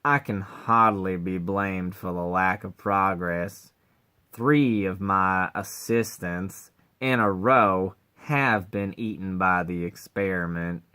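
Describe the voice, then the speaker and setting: Lazy, dragging drawl from a contemptuous, foul-mouthed male scientist, a man putting on the voice, pitched a touch low. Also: slow pace, sharp tone, clear, resonant tone, full character voice. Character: arrogant, vulgar male scientist, a backstabbing jerk. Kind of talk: amateur voice acting audition.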